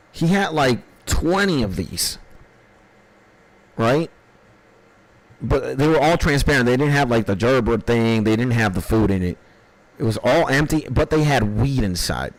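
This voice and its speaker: A man's voice: medium pitch, dry recording. A man on a stream, telling a rambling, profane anecdote with bursts of laughter in casual storytelling.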